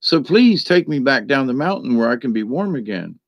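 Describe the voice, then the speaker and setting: A man's voice: mid-range voice, big pitch swings, normal speed, no echo. A man voicing a cold, shivering male rattlesnake begging for help in a spoken story. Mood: pleading. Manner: pleading, storytelling voice.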